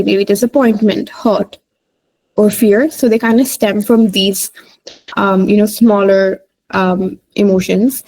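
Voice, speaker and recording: Woman psychologist, warm mellow tone, informal explainer, filler-heavy delivery. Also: mid-range voice, poor audio. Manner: many fillers, lists points with "right?".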